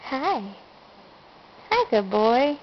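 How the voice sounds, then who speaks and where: Sing-song high woman cooing at a baby. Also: very animated, extremely slow. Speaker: parent talking to a baby. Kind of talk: baby talk in a home video. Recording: dull lo-fi home video, faint noise.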